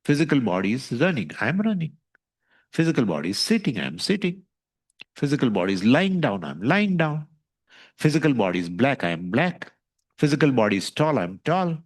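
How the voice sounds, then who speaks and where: A man's voice: medium pitch, sing-song, fairly quick. A man giving a spiritual lecture on scripture, questioning his listeners and repeating his points. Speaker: spiritual teacher.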